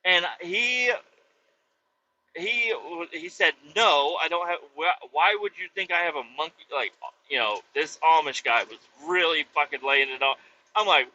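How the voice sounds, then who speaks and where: Man, podcast host, lively storyteller with a bright, sharp tone, cursing freely, muffled lo-fi sound. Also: a little high, normal speed. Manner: animated, swearing, acts out quoted voices. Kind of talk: casual storytelling.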